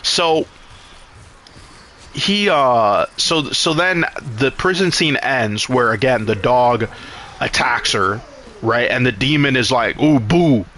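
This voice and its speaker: A man's voice: mid-range voice, slow pace, pushed and bright, a little hiss or hum. Profane, rambling male streamer. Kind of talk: casual recap while gaming.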